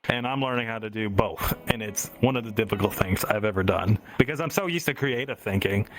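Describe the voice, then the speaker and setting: Low-voiced man with a Southern accent. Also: brisk. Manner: reflective, thinking out loud with fillers. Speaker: podcast co-host. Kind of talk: casual podcast chat.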